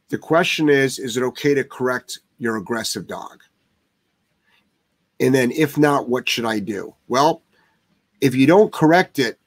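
Blunt, gravelly man ranting. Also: mid-range voice. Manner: blunt, swears often, heated rants. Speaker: dog trainer answering viewer questions. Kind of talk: live Q&A, blunt and profane.

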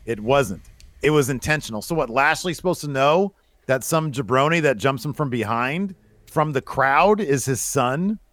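A man's voice: on the high side, lively intonation, moderate pace, a bit bright, dry recording. A young man co-hosting a podcast, talking animatedly, swearing and acting out other people's lines in a casual chat. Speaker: podcast co-host.

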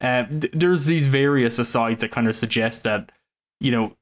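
A man's voice: medium pitch, normal speed. A man co-hosting a casual film podcast, rambling with lots of fillers and restarts. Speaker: podcast co-host.

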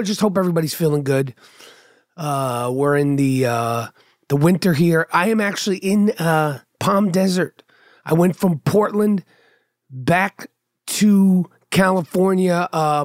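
A man's voice: sits high, no echo. Middle-aged male podcast host, loose profane monologue with a sardonic edge, dry close sound. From New York. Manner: profane, sardonic rambling with restarts. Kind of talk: casual monologue.

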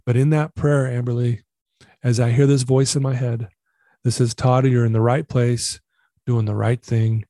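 A middle-aged man recounting a personal story as an interview guest, earnest and animated, acting out the dialogue. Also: medium pitch, moderate pace, no echo, studio quality.

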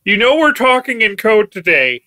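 A man's voice: sits high, very animated, normal speed, sharp tone, full character voice. A man playing a bossy, pedantic FBI director in an improv comedy scene. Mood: stern. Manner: bossy, insistent.

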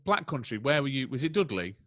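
A man chatting as a guest comedian on a casual podcast, quick and chatty, often breaking into laughter. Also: mid-range voice, very animated, fairly bright tone, no room sound, clean studio sound. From England.

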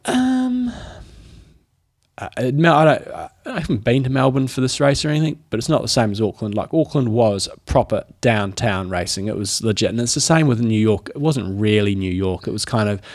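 A New Zealand man with a mid-pitched, ordinary male voice, giving news in a relaxed podcast chat. His delivery is dry and understated, with the odd blunt remark. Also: normal speed. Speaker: podcast co-host.

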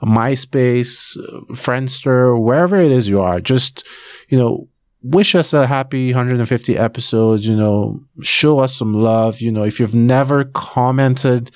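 A man's voice: mid-range voice, measured pace, a little mellow, no room sound, studio quality. A man hosting his podcast, talking casually and rambling with many fillers. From Nigeria. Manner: chatty, rambling, with frequent fillers. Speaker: podcast host. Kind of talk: casual solo podcast announcement.

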